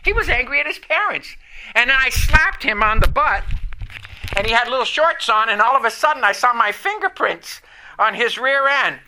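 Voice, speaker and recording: A man's voice: extremely high pitch, animated, moderate pace. An older man preaching a sermon, telling a personal story earnestly and chuckling at himself now and then. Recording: noisy recording.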